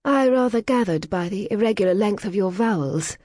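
A woman's voice: medium pitch, expressive, a little fast, darkish tone, pitched above the performer's own voice, lightly acted. A woman voicing a proud, cold young English noblewoman who speaks in clipped, disdainful phrases.

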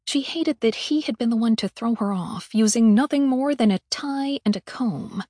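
Higher-voiced woman narrating an audiobook. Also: normal speed, dark tone, dry recording, studio quality.

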